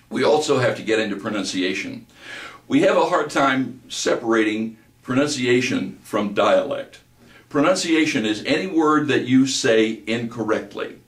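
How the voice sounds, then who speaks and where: Deliberate man teaching voice work. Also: mid-range voice, distant mic. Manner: deliberate, demonstrates words slowly. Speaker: voice-over instructor. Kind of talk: instructional lecture. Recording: roomy, from the mic.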